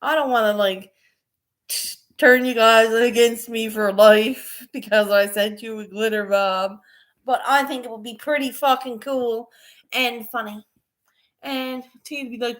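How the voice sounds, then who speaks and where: A woman's voice: medium pitch, animated, unhurried, pauses often. A woman vlogger in casual chat, rambling and laughing often as she talks. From Newfoundland, Canada.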